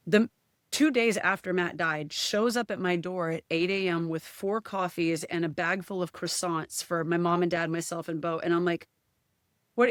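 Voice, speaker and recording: A woman guest on a casual podcast talks candidly and with emotion, often quoting what other people said. Her voice sits on the low side, and the podcast studio recording is clean, with no echo.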